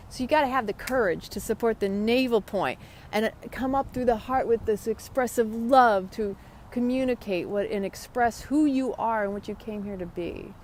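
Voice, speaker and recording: A woman chats loosely through a live wellness stream, wandering off on tangents and greeting viewers as they join. Her voice sits at a middle pitch. A faint noise hums under the recording. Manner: chatty, rambling, greets viewers by name. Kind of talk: casual live chat about yoga and wellness.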